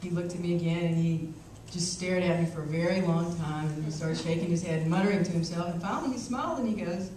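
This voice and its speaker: Her fairly low, slightly mellow voice moves quickly with few pauses as she tells a wry, self-mocking story for her keynote. A small camcorder picks her up from far away in a large reverberant hall, along with some light background noise.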